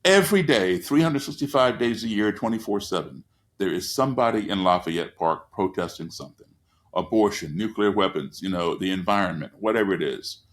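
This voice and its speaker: A man in his sixties, a guest telling a story in conversation, lively and acting out the people he quotes. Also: on the low side, fairly quick. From United States. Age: 60s.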